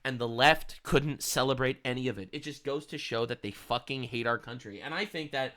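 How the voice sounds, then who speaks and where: A man giving loud, mocking, profane political reaction commentary, laughing at the clips he plays. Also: mid-range voice, brisk. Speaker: commentary streamer.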